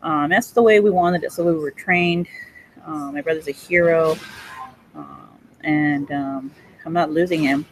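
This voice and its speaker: A woman in a cafe giving a rambling, profane monologue that jumps between topics and breaks into high bursts of laughter. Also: unhurried, a little hiss or hum, low-quality recording.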